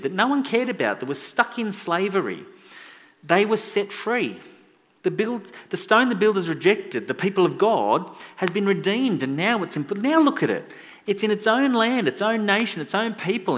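A man preaching a sermon in a lively, conversational way, joking with the congregation. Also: high-pitched, normal speed, big-room sound. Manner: animated, conversational, jokey asides to the congregation.

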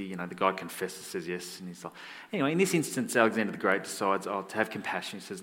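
A man preaching in a conversational, self-deprecating way, telling stories and getting animated when he quotes people. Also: low voice, fast talker. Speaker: pastor. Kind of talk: sermon storytelling. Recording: long hall reverb.

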